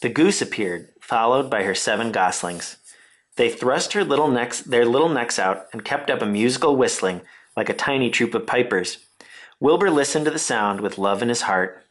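A man reading a children's storybook aloud with gentle expressive narration. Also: medium pitch, moderate pace. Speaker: reader.

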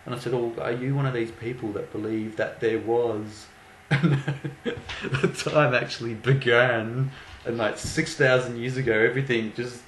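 A man's voice: medium pitch, little pitch movement, moderate pace, few pauses. A young man casually telling a story, amused and mocking, often breaking into laughter. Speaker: vlogger. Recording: echoey room with faint background noise.

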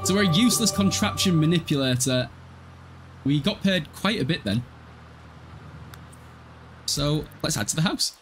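Streaming gameplay, this Hull livestreamer talks loosely with his audience, swearing without restraint and laughing often. He's from East Yorkshire, England, and sounds on the high side and animated. His pace is moderate and he pauses often over soft background music.

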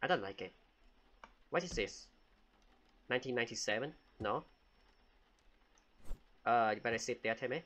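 A man's voice: medium pitch, lively intonation, moderate pace, pauses often, a bit bright. A man giving jokey, casual commentary while playing a game and talking back to it with frequent exclamations. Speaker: gamer.

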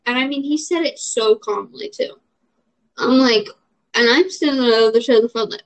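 A woman's voice: a little high, normal speed. A young adult woman in a casual vlog, answering question prompts in a rambling, frank way with lots of fillers. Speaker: vlogger. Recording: dull lo-fi audio.

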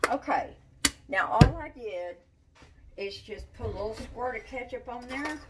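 A woman's voice: on the high side, animated, a little slow, far from the mic, very noisy. Chatty woman cooking at home. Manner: chatty, folksy, talks straight to viewers. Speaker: cooking vlogger. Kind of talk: casual cooking demonstration. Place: home kitchen.

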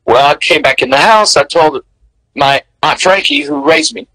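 Guy in his 60s telling stories, high bright voice, dry close sound, animated. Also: normal speed, vocal fry, no echo, low-quality recording. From American South. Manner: animated, candid, laughs between memories. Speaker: interview guest. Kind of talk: storytelling in casual interview.

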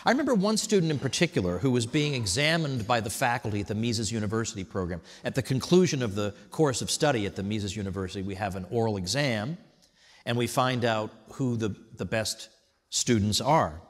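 A man giving a prepared tribute speech at an event, telling stories in a wry, animated way. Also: fairly low pitch, fairly quick, long reverb tail. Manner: wry, animated storytelling with mock voices. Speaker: speaker at an institute event. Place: hotel event hall.

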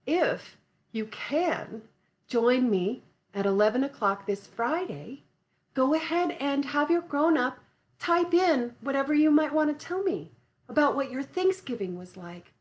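A woman with a bright, high voice leads a sing-along for little kids from her home, speaking slowly and tenderly as if to a toddler. She chats into a laptop mic, warm and encouraging with her young audience. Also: expressive. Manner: gentle, affectionate, talks slowly to small children. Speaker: children's music host. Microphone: laptop computer mic.

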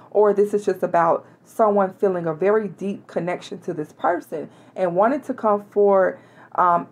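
A woman's voice: mid-range voice, a little mellow. A woman reading tarot cards for her viewers in a chatty, casual way, with small laughs and restarts. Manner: chatty, laughs now and then, hesitant restarts. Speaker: tarot reader.

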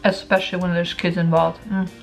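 A woman's voice: fairly low pitch, level tone, fairly quick, vocal fry, rough recording. Chatty woman vlogging over faint music. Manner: chatty, emphatic, repeats points. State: eating while talking. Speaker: lifestyle vlogger. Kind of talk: casual opinion vlog.

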